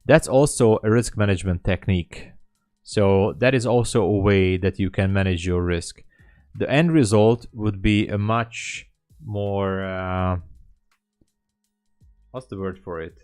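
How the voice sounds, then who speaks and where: Slow, low-voiced man on a livestream. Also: darkish tone, no echo, clean studio sound, soft background music. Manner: slow, thinking aloud, apologetic. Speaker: livestream day trader. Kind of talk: live trading stream chat.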